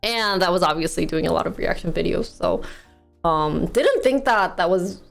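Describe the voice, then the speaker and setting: A woman's voice: fairly low pitch, expressive, moderate pace, creaky, soft background music. A young American woman with a Wisconsin accent, live streaming from home and chatting with her viewers. She talks a lot, giggles often and answers chat as it comes in. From United States.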